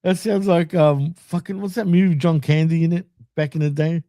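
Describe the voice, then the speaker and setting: A man co-hosting a wrestling podcast, talking in a relaxed, easygoing way with a fairly high but mellow voice. He laughs a lot and swears casually. The sound is dry and close. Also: brisk, no echo. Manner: laid-back, swears, laughs often. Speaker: podcast co-host. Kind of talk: casual wrestling recap chat.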